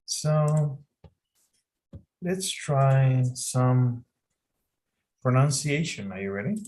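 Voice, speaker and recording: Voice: medium pitch, lively intonation, drawn-out words, darkish tone. An English tutor giving an online lesson with patient, guiding prompts.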